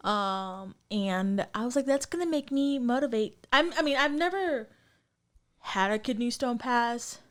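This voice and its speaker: A young woman chatting casually on a podcast, her voice sitting a little higher than most. She rambles through her stories, filling the gaps with ums and likes. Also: a little slow. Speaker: podcast co-host. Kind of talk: casual chat.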